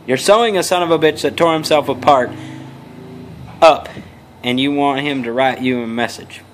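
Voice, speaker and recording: A young man tells a story to camera in a loose, rambling way, peppered with crude, profane asides and restarts. His voice sits at an ordinary middle pitch, with a faint hiss of noise behind him. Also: normal speed. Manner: loose, meandering, many restarts. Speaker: vlogger.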